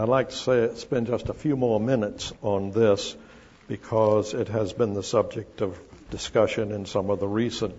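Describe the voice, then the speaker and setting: An older man preaching an expository sermon, slow and emphatic, stressing scripture word by word. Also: medium pitch, a little mellow, husky. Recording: dull lo-fi recording.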